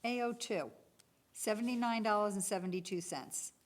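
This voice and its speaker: At a public bid opening, a female municipal clerk reads the item codes and bid prices aloud in a steady, matter-of-fact way. She has a mid-range voice and talks at normal speed.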